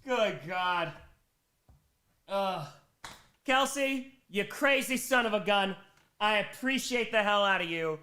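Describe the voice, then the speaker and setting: A man's voice: high-pitched, takes it slowly, long pauses, sharp tone, slight background noise. A young man hosting a casual livestream. He rambles, giggles often and thanks his viewers. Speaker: livestream host.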